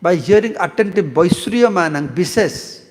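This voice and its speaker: A man's voice: high-pitched, lively intonation, normal speed, long reverb tail. A man, a monk, teaching a scripture class who tells stories, asks the audience questions and chants verses. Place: temple hall.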